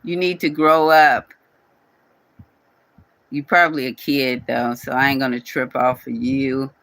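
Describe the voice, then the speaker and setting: Scolding man, bright close voice. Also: mid-range voice, steady tone, unhurried, vocal fry, no echo, low-quality recording. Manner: scolding, repetitive, speaks directly to viewer. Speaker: channel owner addressing a commenter. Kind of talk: casual scolding vlog rant.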